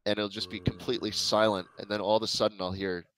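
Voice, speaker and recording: A man with a New York accent trades brash, profane jokes in casual gaming chat. His voice sits low and he delivers his teasing in a deadpan way. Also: fast, slight background noise, low-quality recording. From United States. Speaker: streamer.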